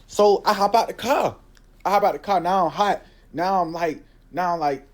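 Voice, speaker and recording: A man's voice: high voice, normal speed. Slangy young man telling a story. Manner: slangy, animated, says bro constantly. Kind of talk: casual storytelling.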